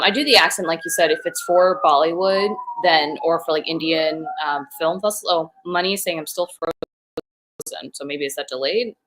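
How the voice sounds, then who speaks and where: An American woman with a low voice talks easily as a guest, filling her answers with little fillers. She joins over a video call from her home. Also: a little hiss or hum, poor audio. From United States. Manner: relaxed, talkative, many fillers. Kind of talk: casual interview chat.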